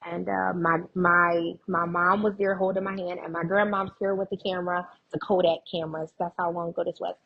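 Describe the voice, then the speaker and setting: A woman's voice: lowish voice, little pitch movement, brisk, creaky, hardly any pauses, breathy edge, dull audio. A woman guest in an interview, earnestly recounting personal experiences, restarting her sentences as she goes. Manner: earnest, tells anecdotes with frequent restarts. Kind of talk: emotional personal storytelling in conversation.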